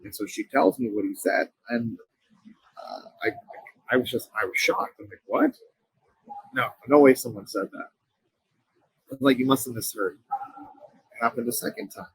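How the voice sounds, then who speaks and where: A man, a company co-founder, speaking as an interview guest and telling a personal story in an earnest, halting way with frequent restarts. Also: medium pitch, creaky, breathy edge, no room sound, poor audio.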